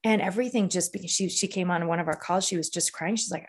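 A woman's voice: on the low side, quick pace, breathy edge. A woman leadership coach telling a client story in an earnest, conversational way, often checking in with "right?". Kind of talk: conversational interview.

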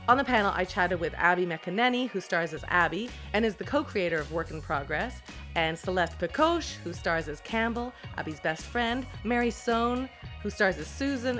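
A woman hosting a podcast, introducing a panel with effusive, excitable energy and playful teasing. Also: mid-range voice. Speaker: podcast host.

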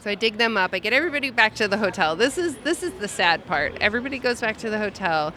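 A woman guest telling a travel story in casual chat, wry and relaxed. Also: mid-range voice, fast, slight background noise.

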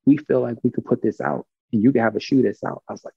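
Gravelly man from Brooklyn telling a story. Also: medium pitch, fast, few pauses, dry recording, highs cut off. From Brooklyn, New York. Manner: animated, acts out quoted dialogue, swears freely. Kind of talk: casual storytelling.

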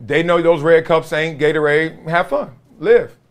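A man hosting a podcast, talking casually in a slangy, animated monologue that swings between loud bursts and low asides. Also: a little slow. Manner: slangy, preachy. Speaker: podcast host.

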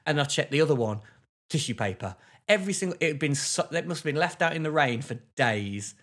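A man, co-hosting a podcast and telling a story in casual chat, with lively bursts of exasperation. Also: fairly high pitch, fast talker. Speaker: podcast co-host.

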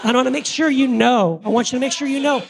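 A woman's voice: high-pitched, fast, creaky, noisy background. A woman hosting a podcast, talking earnestly in a casual way, often restarting her sentences, recorded live before an audience. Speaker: podcast host.

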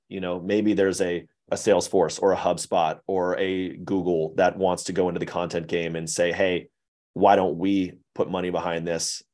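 A man's voice: deep voice, a little mellow. A man guesting on a podcast, explaining candidly and at length in a rambling, self-correcting way. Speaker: guest, web series creator. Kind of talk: casual podcast conversation.

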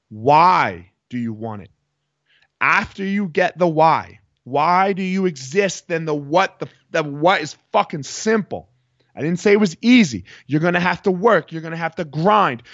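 A man's voice: mid-range voice, no echo, muffled recording. A man in his thirties hosting a motivational podcast, speaking bluntly with a lot of swearing and repeating lines for emphasis. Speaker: podcast host. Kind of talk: motivational monologue.

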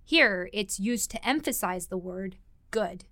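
A woman teaching a language lesson, explaining words and phrases in a clear, explanatory way. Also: mid-range voice, animated, a little slow, bright, forceful tone, dry recording, clean studio sound.

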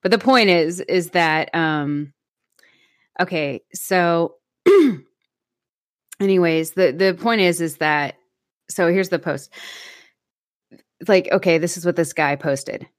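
Chatty woman with a low voice. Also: slow, long pauses, dry recording, studio quality. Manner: chatty, rambling, laughs often. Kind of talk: casual chat. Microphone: remote call mic.

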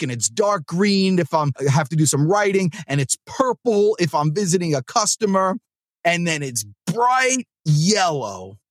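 A high-voiced man from New Jersey, a sales trainer hosting a sales podcast, gives a casual motivational monologue with no room sound. He's animated and meandering, restarting again and again.

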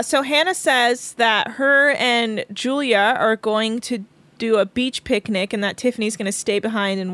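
A woman's voice: medium pitch, a bit bright, no echo. A woman co-hosting a podcast in casual recap chat, chatty, laughing often and saying "like" a lot. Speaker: podcast co-host.

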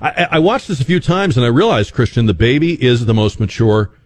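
A male radio host delivers commentary with a dry, joking edge, often stopping and restarting mid-thought. His pitch rises and falls widely as he talks. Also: brisk. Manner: wry, joking, animated with many restarts. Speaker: radio talk show host.

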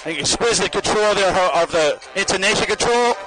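A man giving running spoken commentary as a marching band judge outdoors on the field, appraising the players with quick bursts of praise. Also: high voice, music in the background, low-quality recording. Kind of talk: live judging commentary over a performance. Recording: live brass band loud behind.

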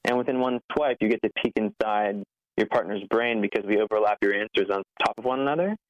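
Earnest thirties founder, quick and self-correcting, heard over a muffled remote line. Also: male voice, on the low side, no room sound. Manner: earnest, fast, full of restarts, acts out quoted voices. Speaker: app founder, guest. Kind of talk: remote interview conversation.

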